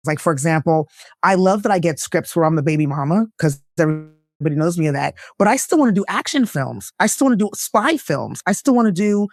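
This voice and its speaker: A woman guest, an actress and lifestyle coach, speaking earnestly and reflectively in a candid conversation, her voice jumping up when she laughs or gets excited. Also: fairly quick, dry recording, clean studio sound. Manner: earnest and reflective, with bursts of laughter and pitch jumps.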